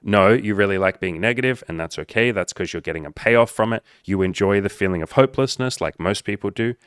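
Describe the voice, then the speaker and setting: Brash, profane low-voiced male coach. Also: fairly quick, a bit bright, no echo, clean studio sound. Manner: brash, profane, emphatic, repetitive. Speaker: dating coach. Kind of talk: blunt coaching monologue.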